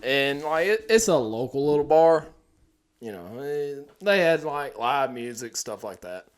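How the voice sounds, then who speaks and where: A man's voice: mid-range voice, animated, unhurried. A man telling a rambling, crude story in an easygoing way during casual chat.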